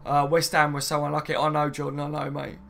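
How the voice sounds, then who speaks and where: A man's voice: a little high, completely flat delivery, quick pace, creaky, a bit bright, soft background music. A man chatting casually on a live stream, rambling and reading viewer comments aloud, saying "mate" and "you know what I mean" often. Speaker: football fan streamer.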